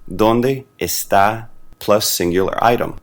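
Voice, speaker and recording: A man narrating an animated beginner language lesson in a clear, deliberate teaching manner. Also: on the low side. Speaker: Spanish teacher.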